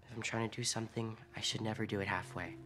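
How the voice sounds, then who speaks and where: A man's voice: lowish voice, steady tone, fast talker, music in the background, natural voice. A young man playing a remorseful son in a short moral drama, speaking earnestly and apologetically. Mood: apologetic. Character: remorseful son learning a lesson.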